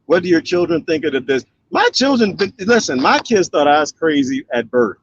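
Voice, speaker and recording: A man's voice: a little high, a little fast, highs cut off, a little hiss or hum. A middle-aged man casually chatting while reading viewer comments, laughing often and acting out quotes. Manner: animated, laughs often, mimics voices in quotes. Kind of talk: casual live comment chat.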